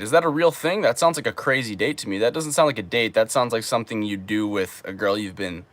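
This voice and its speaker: A young man with a lowish voice hosts a casual livestream from his home streaming room in Japan. He reads viewer questions aloud and answers them in a relaxed, joking way. The recording has no room sound.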